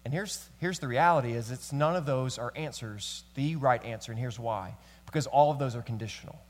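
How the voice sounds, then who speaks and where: A man's voice: medium pitch, in a large hall. A man preaching a sermon as pastor, telling a story in a conversational way and addressing the men in the room. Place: church sanctuary.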